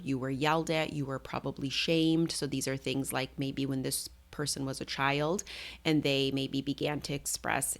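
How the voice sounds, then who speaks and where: Low gravelly-voiced woman coach. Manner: conversational, explanatory, with many fillers. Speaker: parenting coach and podcast host. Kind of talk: solo podcast talk.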